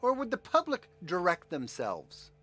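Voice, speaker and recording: A man's voice: sits high, huge pitch swings, unhurried, bright, forceful tone, breathy edge. A man hosting a livestream, reading news items aloud and mocking them in a sarcastic, rambling commentary. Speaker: livestream host.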